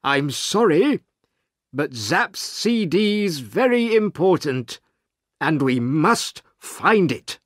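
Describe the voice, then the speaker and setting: A man voicing an anxious male park manager who pleads in a high, strained voice, in a storybook reading for English learners. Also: big pitch swings, slow, fairly bright tone, no echo, clean studio sound, heavily acted. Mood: pleading.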